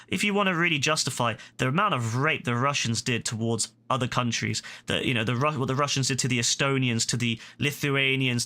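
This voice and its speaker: A British man on a gaming livestream, ranting heatedly at someone in his chat. He swears a lot and keeps repeating himself, and his voice is bright and forceful. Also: mid-range voice. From Britain. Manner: heated, profane and repetitive. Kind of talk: angry rant at a chat viewer.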